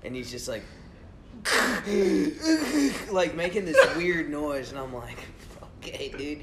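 A man, a pilot, telling a flying story in casual chat with a relaxed, laid-back manner. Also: fairly high pitch, slow, heavy background noise.

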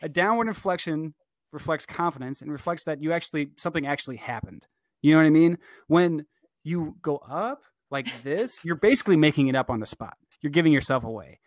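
Ranting higher-voiced podcast guy. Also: fast talker, no echo. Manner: ranting, emphatic, swears. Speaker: podcast co-host. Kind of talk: casual chat.

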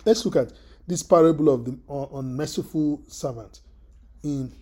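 A preacher giving a sermon, halting and repeating words, often clearing the throat and putting questions to the listeners. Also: mid-range voice, warm tone.

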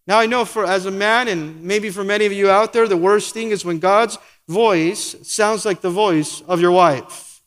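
A man's voice: high-pitched, moderate pace, long reverb tail. A man preaching a sermon as pastor, asking the congregation rhetorical questions and acting out quoted lines.

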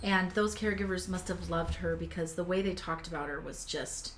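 Speaking fairly quickly in a fairly low pitch, a woman shares a personal story in relaxed conversation, chatty and emotional, often using fillers and starting over. Faint kitchen sounds and other faint background noise come through in an echoey room.

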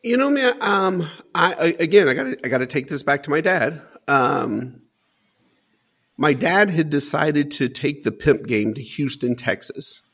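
Gravelly man telling his life story. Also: a little high, lively intonation, measured pace, a bit bright. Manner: earnest, repeats words while searching for them. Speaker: interview guest. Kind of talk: personal storytelling.

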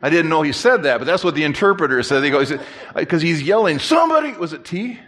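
A man preaching a sermon as pastor, telling a story in a lively, joking way and repeating phrases for emphasis. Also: a little high, a little fast. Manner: animated, jokey storyteller who repeats and restarts phrases.

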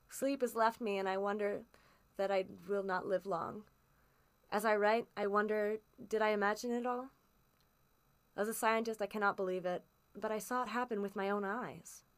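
A woman reading a classic story aloud as a first-person narrator, steady and expressive in emphasis. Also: mid-range voice. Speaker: audiobook reader.

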